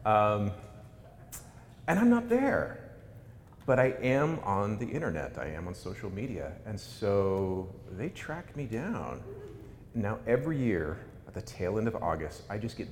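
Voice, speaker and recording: A man's voice: big pitch swings, measured pace. A middle-aged man, an author, giving a humorous talk in a wry, self-mocking way. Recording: echoey hall with faint rumble.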